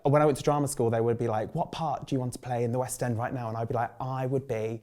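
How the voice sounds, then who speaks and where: A man in his thirties from England with a Birmingham accent, a drag performer telling lively stories in an interview, acting out other people's voices and filling his talk with "like". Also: medium pitch, quick pace. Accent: Birmingham English. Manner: animated, acts out quoted voices, many "like" fillers. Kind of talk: casual storytelling interview.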